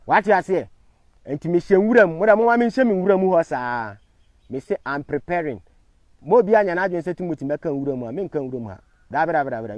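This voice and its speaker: An online commentator with a Ghanaian accent delivers a defiant talk on a live stream, shifting between loud declarations and quiet, murmured thanks to his viewers. The audio is lo-fi with no room sound.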